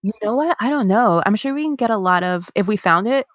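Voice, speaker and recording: A woman's voice: mid-range voice, lively intonation, fast, dry recording. A woman in her thirties co-hosting a podcast, telling a story in casual chat, swearing and laughing often. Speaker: podcast co-host.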